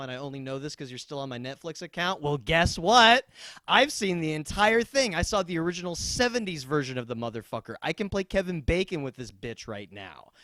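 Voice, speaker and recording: A young man performing a stand-up comedy set, dropping into deadpan asides and bursting into loud yells. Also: a little high, no room sound.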